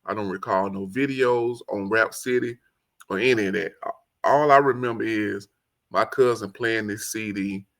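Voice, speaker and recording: A man with a Southern accent hosts a solo album review in an easy, excitable way. His voice sits a bit low, with a gravelly rasp. He rambles and circles back as he talks. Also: normal speed. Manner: excitable, rambling, quotes lyrics in song voice. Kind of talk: casual solo commentary.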